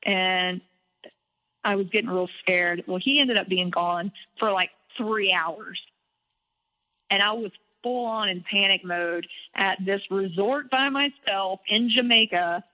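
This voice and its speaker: A woman guest telling a personal story in an animated, candid way, with some swearing. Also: medium pitch, takes it slowly. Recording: dull lo-fi audio with long reverb.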